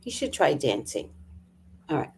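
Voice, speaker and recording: A woman's voice: sits low, very animated, moderate pace, darkish tone, a little hiss or hum. A woman hosting a casual livestream, chatting with viewers, laughing often and greeting people by name. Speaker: livestream host.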